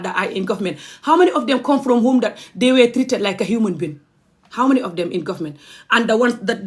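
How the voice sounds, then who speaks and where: A young adult woman from the Gambia, ranting angrily on a livestream. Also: medium pitch. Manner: impassioned, angry, confrontational. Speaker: vlogger. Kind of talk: livestream rant.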